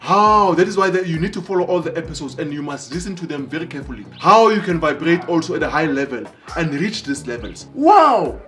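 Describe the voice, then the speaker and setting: A man from Africa, telling a motivational story in an animated way, acting out dialogue and repeating phrases for emphasis. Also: fairly high pitch, fast talker, few pauses. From South Africa. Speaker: motivational speaker.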